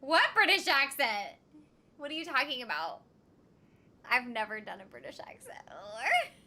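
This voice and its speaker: A woman's voice: on the high side, big pitch swings, moderate pace, vocal fry, pushed and bright. A young woman streaming a video game, chatting casually with her viewers in a rambling, playful way full of fillers and asides. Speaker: streamer and voice actor. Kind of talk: casual live-stream chat while gaming.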